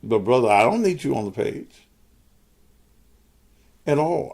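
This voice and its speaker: Male host, gravelly mid-pitched voice, blunt and foul-mouthed with his audience. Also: sing-song, unhurried, a little mellow. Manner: profane, combative, cusses out viewers. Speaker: host of his own show. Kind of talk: live-stream monologue to commenters.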